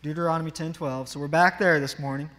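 Guy preaching a sermon, earnest and pushy, slightly high voice, big reverby church. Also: steady tone, fast, fairly bright tone. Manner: earnest, emphatic, urging the congregation.

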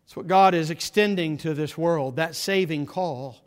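A man's voice: fairly high pitch, moderate pace. A man preaching a sermon, quoting scripture by chapter and verse and building to impassioned, emphatic pleading.

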